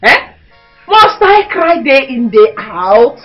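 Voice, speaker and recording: An actress with a Nigerian accent playing an excited young woman who brings good news home to her mother, loud and exclamatory. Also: high voice, slow pace, lo-fi sound, faint music behind, exaggerated voice. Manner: loud, exclamatory, tearful bursts. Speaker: actress in a film.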